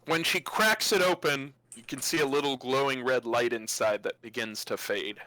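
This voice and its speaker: A man running a tabletop game on a livestream, narrating casually and haltingly, with frequent restarts. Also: medium pitch, sharp tone, no room sound. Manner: distracted, halting, with many restarts. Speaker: game master.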